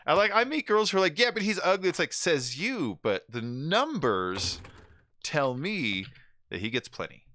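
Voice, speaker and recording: A man's voice: fairly high pitch, unhurried, dry recording. A man streaming a game, chatting casually and telling rambling stories with little voice impressions. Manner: rambling, animated storytelling with impressions. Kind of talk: casual chat while gaming.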